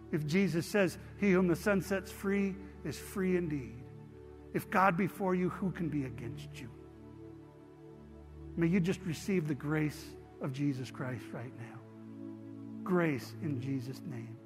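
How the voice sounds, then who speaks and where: A man's voice: on the high side, measured pace, over music. A pastor preaching to his congregation, telling stories in a conversational way and then leading a prayer. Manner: storytelling, conversational, addresses congregation directly. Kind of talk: sermon with prayer. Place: church sanctuary.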